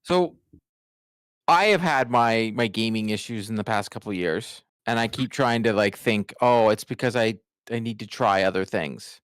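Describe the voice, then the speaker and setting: A man's voice: lowish voice, normal speed, smooth, dry recording, studio quality. A man co-hosting a gaming podcast, chatting casually with blunt, teasing remarks. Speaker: podcast co-host. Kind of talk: casual chat.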